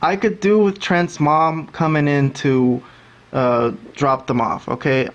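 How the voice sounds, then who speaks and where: A man's voice: fairly high pitch, steady tone, slow pace, dull audio. A man hosting a wrestling review podcast, talkative, ranting and mimicking commentators. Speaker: podcast host. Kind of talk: casual wrestling review chat.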